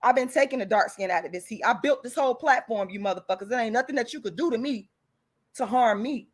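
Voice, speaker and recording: A woman with a somewhat high voice rants to her livestream viewers. She is angry and blunt, and she swears freely. Her delivery is defiant and hammers every point home. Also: quick pace. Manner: angry, profane and emphatic; blunt and defiant, with repeated insults. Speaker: channel host. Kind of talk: heated livestream rant to viewers.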